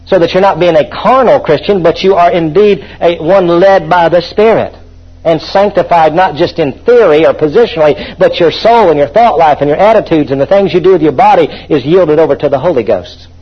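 A fervent preacher with a high, husky voice drives his sermon, calling on the congregation to answer back. The recording is dull and lo-fi. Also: brisk.

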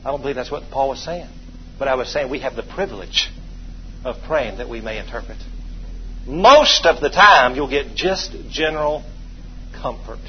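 A man preaches a sermon, telling homey stories and leading his congregation in call-and-response as he swings between quiet asides and loud, emphatic stretches. His mid-range voice has lively intonation and a moderate pace. The audio is dull, with slight background noise.

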